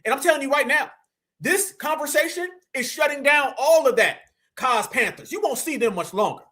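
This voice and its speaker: A man's voice: very high-pitched, animated, moderate pace, pushed and bright. A man in fiery casual commentary, brash, profane and swaggering.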